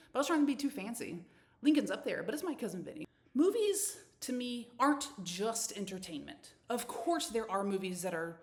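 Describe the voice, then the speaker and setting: A woman, hosting a casual solo podcast, talking effusively with frequent restarts and stammers. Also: mid-range voice. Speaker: podcast host.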